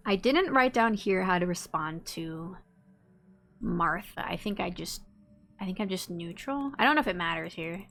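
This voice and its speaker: A woman's voice: on the low side, lively intonation, unhurried, vocal fry, pauses often, a bit bright, soft background music. A woman streaming a story game, chatting casually and thinking aloud at a desk microphone as she picks options. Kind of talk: casual gameplay commentary.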